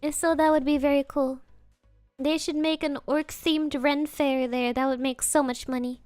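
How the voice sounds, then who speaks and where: A woman's voice: high-pitched, flat delivery, moderate pace, darkish tone, no echo, soft background music. A woman streamer chatting playfully with her audience, often giggling and answering viewers' messages. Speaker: virtual streamer. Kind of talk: casual live-stream chat.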